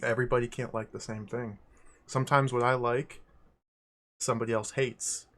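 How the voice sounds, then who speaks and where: A man hosting a video game livestream, greeting viewers by name in an excitable, giggly way. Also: mid-range voice, moderate pace. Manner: excitable, laughs often, greets chat by name. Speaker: livestream host. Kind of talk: casual livestream chat.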